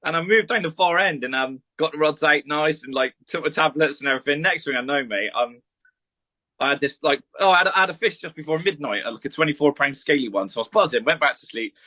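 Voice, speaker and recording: Fast, bright-voiced man telling a story. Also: fairly high pitch, lively intonation. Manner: rambling, swears freely, with lots of fillers. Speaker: podcast guest. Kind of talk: casual storytelling chat.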